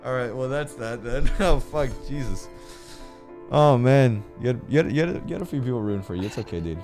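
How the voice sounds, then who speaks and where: A young man streaming a horror game, chatting casually, swearing and shouting when scared. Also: medium pitch, expressive, a little fast, soft background music. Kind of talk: casual gaming stream chat.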